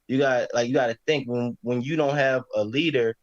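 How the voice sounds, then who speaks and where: A man's voice: medium pitch, fairly even intonation, normal speed, dry recording, lo-fi sound. A young man in casual chat, hesitant and searching for words.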